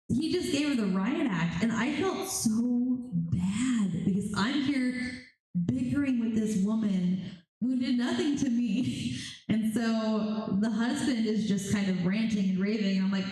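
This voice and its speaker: On a convention panel in a large, very echoey hall, a psychic medium tells stories, animatedly acting out the voices of spirits and clients. Her voice is a little high, unhurried and dark in tone.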